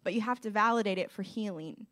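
A woman's voice: mid-range voice, fast, fairly bright tone. A woman in her thirties sharing a personal testimony at church, earnest and conversational, often asking the audience to relate. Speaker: speaker giving a testimony.

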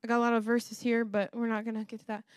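A woman preaches with rising fervor, her high voice pushing toward a shout at its peaks. She laughs between points and talks straight to the congregation. The sound is dry and close, with no room around it. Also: completely flat delivery, fast talker, clean tone, dry recording. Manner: passionate, rising to near-shouting, laughs often. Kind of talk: sermon.

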